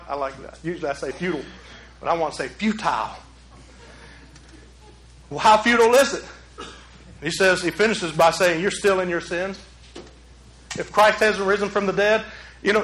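A man preaching a sermon as a pastor, swinging from loud urgent peaks to hushed low passages. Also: echoey room, low-quality recording.

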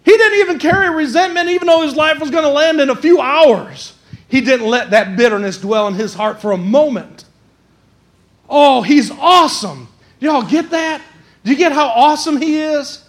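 A man preaching a sermon, swinging between hushed quoted lines and raised, emphatic exhortation. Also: extremely high pitch, animated, moderate pace.

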